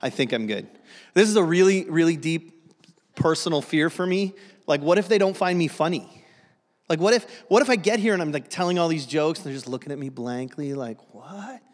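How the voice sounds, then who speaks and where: Man, guest pastor, humorous sermon, self-deprecating, restarts, slightly high voice, reverberant church hall. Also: a little fast. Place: church sanctuary.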